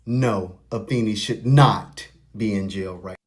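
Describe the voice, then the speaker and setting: Male commentator, low, earnest and preachy. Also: slow. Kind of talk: opinion commentary.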